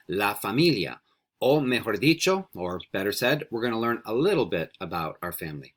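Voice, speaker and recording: A man's voice: lowish voice, a bit bright. A man teaching a beginner Spanish video lesson, patient and encouraging, switching between English and Spanish. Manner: patient, encouraging, repeats words slowly for students. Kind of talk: recorded classroom video lesson.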